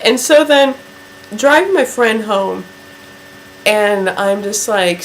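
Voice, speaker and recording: A woman vlogger tells a story to camera at an unhurried pace. Her talk is chatty and drawn out, full of "like." Her pitch sits mid-range, with a faint hiss behind her. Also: lively intonation, poor audio. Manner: chatty, drawn-out telling with many "like" fillers.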